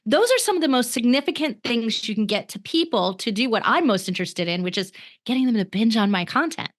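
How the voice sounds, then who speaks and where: A woman's voice: fairly high pitch, animated, fairly quick. A woman co-hosting a live podcast episode, talking in an upbeat way and laughing often. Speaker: podcast co-host. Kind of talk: casual chat.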